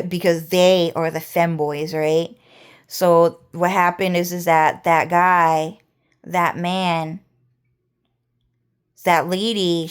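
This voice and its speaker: A woman's voice: on the low side, clear, resonant tone. A woman vlogger talking in a rambling monologue, repeating words and restarting her phrases.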